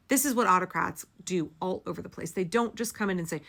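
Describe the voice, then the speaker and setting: A woman's voice: on the low side, a little fast, creaky, few pauses, fairly bright tone. A woman giving impassioned, blunt political commentary straight to her audience, swearing for emphasis. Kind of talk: direct-to-camera political commentary.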